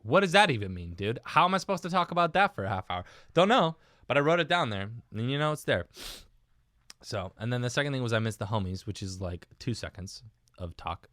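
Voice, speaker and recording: This is casual solo podcast talk from a young American host whose mid-range voice is a little fast, fairly bright, and lively in intonation. Rambling and self-mocking, he addresses listeners as "dude" and "man" often. There's no echo and the quality is studio-grade.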